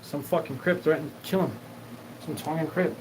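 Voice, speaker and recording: A man's voice: on the high side, normal speed, noisy background. A man hosting a solo show, talking in a rambling, profane monologue and acting out quoted back-and-forth exchanges. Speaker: host.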